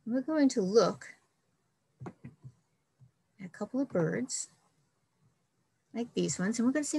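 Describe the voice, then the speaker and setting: A woman's voice: a little high, animated, takes it slowly, vocal fry, long pauses, dark tone, slight background noise, rough recording. A woman, a children's librarian, reading a picture book and leading a friendly, upbeat science lesson for kids.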